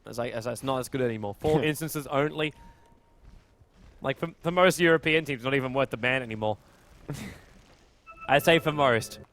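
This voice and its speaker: A young man casting a live esports match, chatting casually and then rising into fast, excited play-by-play during fights. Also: mid-range voice. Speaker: esports caster. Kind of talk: live game commentary.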